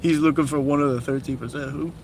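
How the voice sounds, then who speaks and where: The voice is a young man's, fairly high, creaky and steady in tone, delivered at a quick pace. He's live streaming from behind the wheel in the city, cursing often and rambling bluntly about his opinions. Street and car noise come through the noisy interior.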